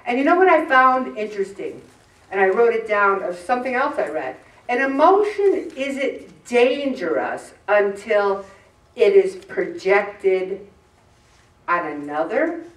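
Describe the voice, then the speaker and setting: A middle-aged woman giving an informal devotional talk, animated and acting out the voices she quotes. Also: mid-range voice. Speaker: Christian speaker on emotions. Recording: echoey room, mic far off.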